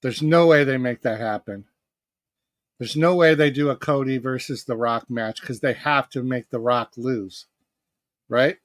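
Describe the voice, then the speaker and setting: Slow-talking profane male streamer. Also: mid-range voice, dry recording. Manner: profane, rambling, chatty asides. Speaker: live stream host. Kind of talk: casual live watch-party commentary.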